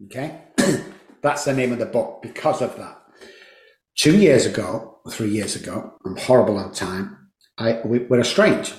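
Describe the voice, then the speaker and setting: A man in his fifties speaks as an interview guest, fervent and emphatic, often repeating phrases to drive his point home. His mid-pitched voice carries a roomy echo from the space around him. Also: unhurried. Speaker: podcast guest, addiction recovery program founder. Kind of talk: emotional storytelling interview.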